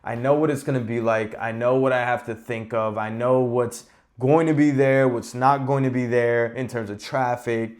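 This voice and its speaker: A man hosting a podcast, telling stories in a casual, animated and exasperated rant with plenty of swearing. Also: mid-range voice, moderate pace. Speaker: podcast host. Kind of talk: casual ranting monologue.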